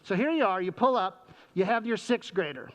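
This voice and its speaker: High-voiced man joking through a mask. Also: expressive, a little fast, fairly bright tone, muffled recording. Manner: jokey, quizzes the audience with questions. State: speaking through a face mask. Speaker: presenter speaking to parents, former sixth grade teacher. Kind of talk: humorous live talk to an audience.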